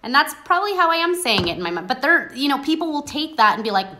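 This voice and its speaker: Woman host, casual chat, passionate, bright tense tone. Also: high voice, brisk, long pauses, slight background noise. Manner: passionate, animated, says her voice is often mistaken for anger.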